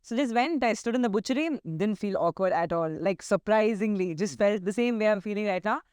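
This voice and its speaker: A woman, a chef chatting casually as an interview guest, relaxed with frequent fillers and restarts. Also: medium pitch, fairly quick, smooth, no echo, clean studio sound. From India. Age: 30s.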